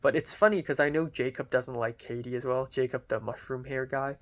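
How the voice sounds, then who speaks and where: A man's voice: medium pitch, fairly even intonation, brisk. Young guy, diary vlog, loose rambling delivery full of ums and cussing, mid-range voice. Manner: rambling, lots of fillers, casual swearing. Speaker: vlogger.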